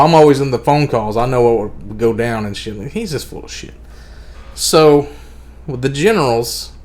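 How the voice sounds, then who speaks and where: A man's voice: medium pitch, darkish tone. A man streaming a casual opinion rant, profane, rambling and sarcastic.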